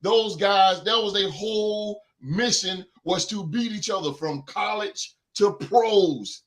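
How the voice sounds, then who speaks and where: A man's voice: sits high, slow, fairly bright tone. A man hosting a sports podcast, ranting with emphatic repetition and then reading sports news aloud. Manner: emphatic, repeats phrases for effect. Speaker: podcast host.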